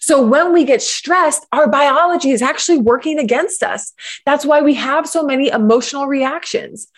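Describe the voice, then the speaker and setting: A woman guest in a conversation, telling stories and explaining ideas with animated enthusiasm. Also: sits high, moderate pace. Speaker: guest, parenting coach. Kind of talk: conversational interview.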